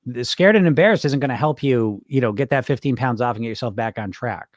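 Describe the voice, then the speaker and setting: A man's voice: medium pitch, fast talker, dry recording, studio quality. A middle-aged man coaching on weight loss in a loose, rambling live-stream chat, swearing casually and restarting his sentences.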